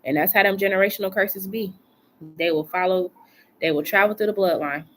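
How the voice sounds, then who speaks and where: Bright-voiced woman giving tarot reading. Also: mid-range voice, brisk, a little hiss or hum. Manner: chatty, colloquial, repeats phrases for emphasis. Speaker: tarot reader. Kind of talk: casual live-stream reading. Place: home.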